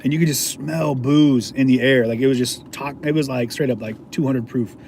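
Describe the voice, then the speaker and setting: A man's voice: mid-range voice, fairly even intonation, normal speed, a little mellow, a little hiss or hum. A man, an independent video journalist, casually telling a story to his viewers in a slangy, laid-back way, chuckling often.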